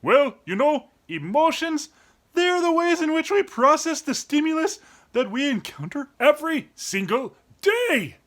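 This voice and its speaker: A man's voice: very high-pitched, sing-song, a little slow, fairly bright tone, full character voice. A man voicing a playful young male dog who hosts a children's lesson on feelings, acting out each emotion with sudden cries. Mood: earnest explaining. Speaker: children's show host. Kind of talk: kids' educational explainer.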